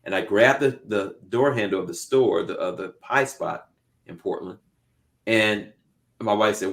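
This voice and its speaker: A low, gravelly man chatting with his co-host. He tells lively stories and puts on voices to act out his anecdotes. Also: normal speed. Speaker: podcast co-host. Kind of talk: casual chat, animated storytelling.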